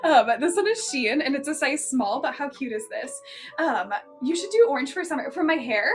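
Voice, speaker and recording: A woman's voice: sits high, lively intonation, moderate pace, soft background music. A young woman chatting casually on a live stream as she sells thrifted clothes, giggling often and filling gaps with "um" and "like.". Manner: chatty, giggly, lots of ums and likes. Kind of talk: casual live-selling chat.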